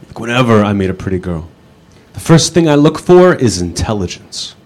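A man delivering stand-up one-liners in a dry, deadpan manner. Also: fairly low pitch, normal speed, a little hiss or hum. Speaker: stand-up comedian.

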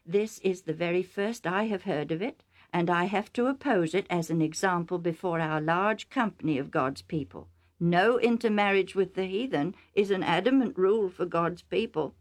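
A woman reading a story aloud voices a solemn, nearly blind old father who speaks gravely and sternly. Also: on the low side, normal speed, lightly acted.

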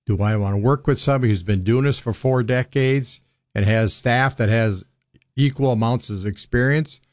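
A man's voice: mid-range voice, moderate pace, darkish tone, no echo, clean studio sound. A man in his sixties with a Minnesota accent, a financial advisor talking plainly and bluntly on a radio show. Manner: folksy, blunt, plain-spoken. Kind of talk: casual radio talk.

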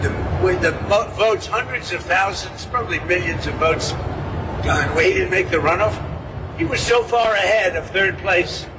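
A man with a fairly high voice rambles through press remarks, repeating phrases and dropping sentences halfway. He sounds far from the mic, with loud outdoor and vehicle noise around him. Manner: rambling, repetitive, trails off mid-sentence. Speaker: politician speaking to press.

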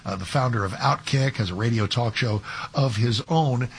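Male talk radio host, husky voice, chatty, sarcastic. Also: medium pitch, moderate pace. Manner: conversational, sarcastic asides, frequent restarts.

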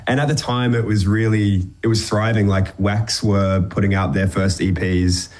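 A man's voice: on the low side, steady tone, normal speed, a little mellow. A young man from New Zealand with a New Zealand accent, chatting casually as a musician guest, with lots of fillers and easy laughs. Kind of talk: casual interview chat.

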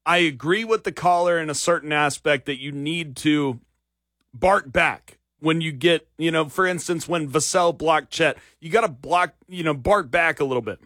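A man's voice: on the high side, normal speed, fairly bright tone, dry recording, clean studio sound. A man hosting a sports talk radio show, giving opinions in a conversational way with many fillers, his voice wearing out. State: losing his voice. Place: radio studio.

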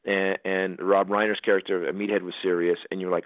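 Fast-talking comedian, tinny phone-like sound. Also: male voice, low voice, no room sound. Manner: fast, animated storytelling with many restarts. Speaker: comedian and filmmaker. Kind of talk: casual storytelling chat. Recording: dry, phone-like narrow sound.

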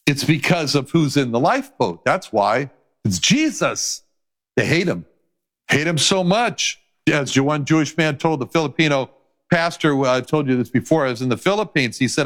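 A man preaching a sermon, emphatic and repetitive, rising to high passionate pleas and reading scripture aloud. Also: sing-song, measured pace, a bit bright. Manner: quotes old-style scripture wording aloud.

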